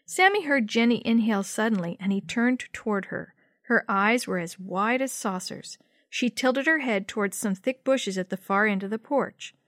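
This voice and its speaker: A woman narrating a children's story in a steady, clear read-aloud style. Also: medium pitch, no room sound, clean studio sound.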